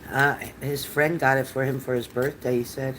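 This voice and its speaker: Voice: mid-range voice, flat delivery, normal speed, fairly bright tone, a little hiss or hum, poor audio. An older tarot reader giving live readings to chat viewers in a chatty, rambling, reassuring manner.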